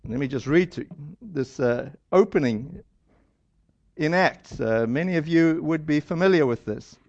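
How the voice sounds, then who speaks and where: High-voiced preacher on dull lo-fi audio. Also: male voice, lively intonation, normal speed, gravelly, darkish tone. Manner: casual storyteller, acts out quoted lines. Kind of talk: conversational sermon.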